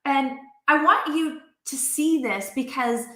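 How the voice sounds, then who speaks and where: Woman host in her 40s, chatty live-video storyteller, high bright voice, echoey room. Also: slow. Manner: chatty, animated, acts out quoted voices. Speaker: life coach hosting a live video. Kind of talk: casual storytelling to viewers.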